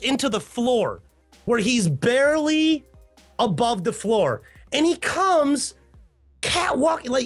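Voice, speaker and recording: Male podcast host, high voice, lively storyteller, faint music bed. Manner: animated storyteller, swooping pitch, quick asides. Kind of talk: casual podcast chat.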